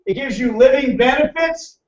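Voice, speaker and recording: A man presenting a financial seminar to a live audience, loud, emphatic and hectoring as he teases the crowd. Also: extremely high pitch, animated, normal speed. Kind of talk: motivational seminar lecture. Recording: echoey, distant, dull room recording.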